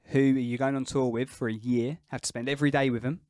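A man's voice: medium pitch, flat delivery, quick pace, a little mellow, no echo, clean studio sound. A man hosting a podcast in casual chat, chatty and prone to tangents, with tag questions and a "mate" here and there. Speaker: podcast host.

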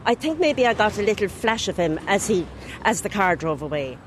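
An older woman, a retired teacher recalling events in a brisk, matter-of-fact way. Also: mid-range voice, sing-song, slight background noise. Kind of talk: interview recollection.

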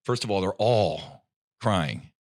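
A middle-aged man with a low voice tells a personal story on a podcast, all slang and "I'm like" asides. His delivery is animated and swings between loud bursts and near-whispers. The recording is dry and close. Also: slow, dry recording. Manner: slangy, says "dude" and "I'm like". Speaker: podcast guest. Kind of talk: casual storytelling.

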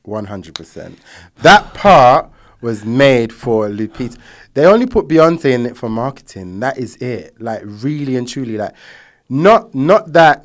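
A man talks in a casual podcast conversation, blunt and emphatic. He swears freely and presses his points hard. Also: medium pitch. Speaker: podcast guest. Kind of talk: casual chat.

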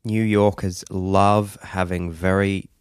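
A man hosting a podcast, chatting casually and telling stories at an unhurried, drawn-out pace with plenty of fillers. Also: deep voice, little pitch movement, clean tone, no echo, clean studio sound. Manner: laid-back, drawn-out storytelling with lots of fillers. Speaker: podcast host. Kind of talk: casual chat.

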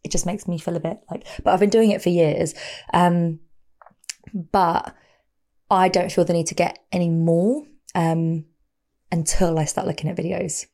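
A young woman with a slightly low voice chats as a podcast guest. She tells stories at a quick clip, laughing often and slipping into other people's voices as she goes. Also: fairly even intonation, vocal fry, mellow. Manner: chatty storyteller, quick laughs, acts out voices in anecdotes. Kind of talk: casual podcast chat.

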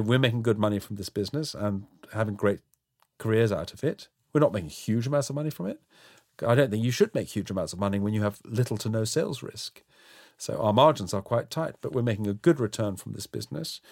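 A middle-aged man answering interview questions frankly and at a measured pace, often restarting his sentences. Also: medium pitch, a little mellow, dry recording, studio quality. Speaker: interview guest, housing developer.

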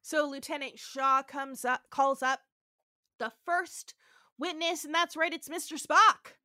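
A woman's voice: high-pitched, a little slow, no echo, clean studio sound. A young woman co-hosting a podcast, recapping a show in casual chat, acting out the characters' lines and laughing often. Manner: animated, acts out quotes, laughs often. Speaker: podcast co-host.

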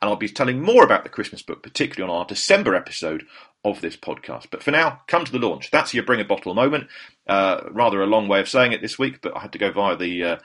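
Fast-talking, husky man. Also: fairly low pitch, very animated, fairly bright tone. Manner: rambling, self-deprecating storytelling. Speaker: podcast host. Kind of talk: casual chatty monologue.

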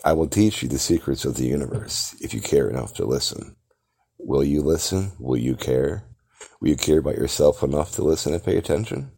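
A man's voice: rumbling low, lively intonation, fairly quick, warm tone, slightly rough. A man hosting a podcast, delivering a grandiose, theatrical monologue that lectures the listener. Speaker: podcast host. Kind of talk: grandiose self-promoting monologue.

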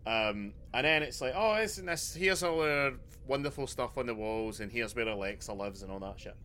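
A man's voice: fairly low pitch, moderate pace, sharp tone, slight background noise. A Scottish man co-hosting a podcast, chatting casually in a jokey, rambling way and laughing often. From Scotland. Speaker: podcast co-host. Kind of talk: casual chat.

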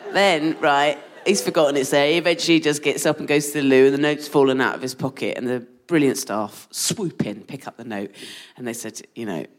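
A woman co-hosting a comedy show, telling a story live and laughing through it. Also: a bass voice. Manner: animated, laughing through the anecdote. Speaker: podcast co-host.

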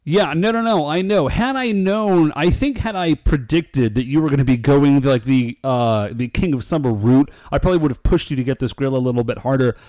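A man's voice: medium pitch, fairly quick, few pauses, a little mellow, dry recording, clean studio sound. A man co-hosting a casual podcast chat, joking in a playful, mock-formal way. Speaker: podcast co-host.

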